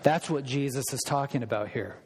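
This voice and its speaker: A man preaching a sermon in a lively, conversational way, asking the audience questions and explaining scripture. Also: mid-range voice, brisk, husky, big-room sound. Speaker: pastor.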